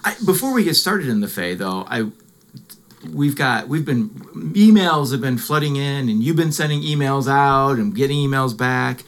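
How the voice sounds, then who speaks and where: A man's voice: mid-range voice, expressive, normal speed. A man hosting a podcast in a casual, chatty way, stumbling over his words and laughing often. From Illinois, USA. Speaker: podcast host. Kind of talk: casual chat.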